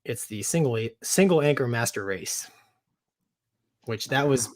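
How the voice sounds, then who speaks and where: A man's voice: medium pitch, lively intonation, unhurried. A middle-aged man co-hosting a podcast, telling a flying story with frequent laughs. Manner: laughs often, chatty and self-amused. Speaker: podcast co-host, former navy pilot. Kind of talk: casual chat.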